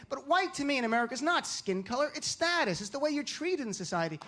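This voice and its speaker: A man from New Jersey doing stand-up comedy, with an animated, punchy delivery. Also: extremely high pitch, fast talker. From Lodi, New Jersey. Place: comedy stage. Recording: live venue with audience noise.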